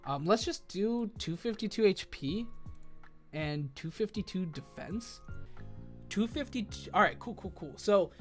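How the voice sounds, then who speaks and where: A man's voice: high-pitched, lively intonation, measured pace, faint music behind. A man giving casual, rambling commentary as he builds a competitive team, thinking aloud and correcting himself with lots of fillers.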